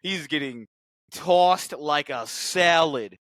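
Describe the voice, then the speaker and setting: A man's voice: on the high side, takes it slowly, no room sound, clean studio sound. A man co-hosting a podcast, recapping a film in loose, profane casual chat and acting out the characters' lines. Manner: profane, loose storytelling, acts out quotes loudly. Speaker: podcast co-host.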